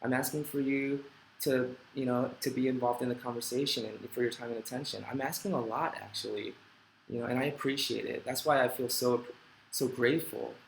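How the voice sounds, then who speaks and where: A man's voice: mid-range voice, fairly even intonation, brisk, gravelly, echoey room, a little hiss or hum, poor audio. A middle-aged man hosting a live question-and-answer stream, reading viewer comments aloud and talking in a heartfelt, rambling way with self-deprecating jokes. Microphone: desk microphone.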